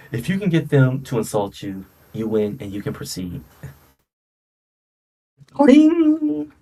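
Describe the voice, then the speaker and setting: A man hosting a heated online debate, taunting and mocking his opponent, laughing at him and repeating words quickly when cut off. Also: lowish voice, a little mellow. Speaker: host of a debate stream.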